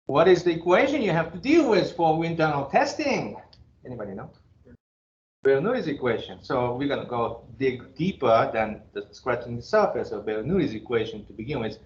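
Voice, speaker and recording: A man's voice: mid-range voice, very animated, moderate pace. A Japanese-accented man in his fifties lectures to a class, blunt and joking, with chuckles between his remarks. His voice carries through a reverberant room. The recording sounds somewhat dull and muffled. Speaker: engineering professor.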